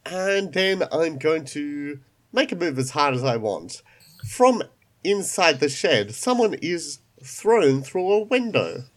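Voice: mid-range voice, big pitch swings, slow pace. A game master narrating an online tabletop game, voice still recovering after being sick.

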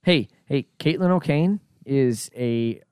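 A man's voice: mid-range voice, animated, slow pace, a little mellow, clean tone, no room sound, clean studio sound. A man co-hosting a casual podcast, playful and mock-exasperated with his friends. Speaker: podcast co-host. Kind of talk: casual chat among friends.

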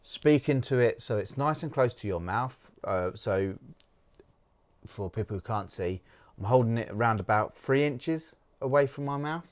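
A man's voice: medium pitch, animated, normal speed. A man co-hosting a podcast, giving practical advice step by step. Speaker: co-host.

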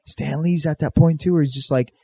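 A man in his thirties co-hosting a podcast, talking in crude, animated banter and slipping into mocking voices when he retells what people said. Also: fairly high pitch, fairly quick, gravelly, slightly rough, no echo. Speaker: podcast co-host.

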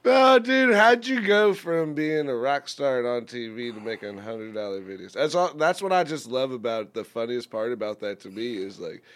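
A young man co-hosting a casual comedic chat, loose and laughing, slipping into quick voices for bits. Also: medium pitch. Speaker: podcast co-host.

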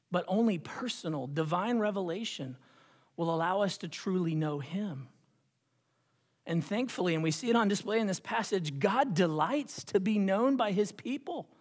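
A pastor preaching a sermon in a church, moving between hushed whispers and rising, repeated phrases. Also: mid-range voice. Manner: dramatic, with hushed whispered passages and rising repetitions. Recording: long hall reverb.

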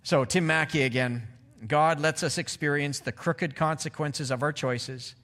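A middle-aged man preaching a sermon in a relaxed, conversational way, often checking in with his listeners. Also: a little high, unhurried. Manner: conversational, asks the audience "right?". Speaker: pastor.

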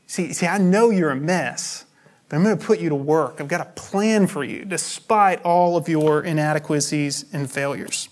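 A man's voice: fairly high pitch, moderate pace. A man preaching a sermon as pastor, explaining scripture in a conversational, teaching way.

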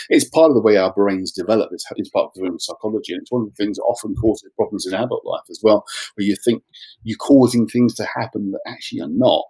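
A man's voice: lowish voice, mellow, husky, dry recording, rough recording. A man, an author guest on a podcast, explaining his views at length in a thoughtful, rambling way. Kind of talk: casual chat.

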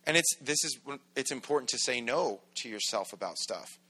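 A man's voice: mid-range voice, animated, normal speed, pushed and bright, breathy edge. A male pastor giving a casual, conversational sermon, joking and acting out little everyday scenes.

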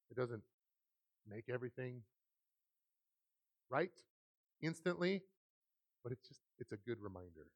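Gravelly, animated male pastor. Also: mid-range voice. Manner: animated, laughs often, acts out quoted lines. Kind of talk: sermon. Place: church hall.

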